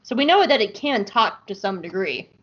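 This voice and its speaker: A woman podcast host giving a lively, irreverent, casually profane recap of an episode. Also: medium pitch, normal speed, slightly rough, muffled recording.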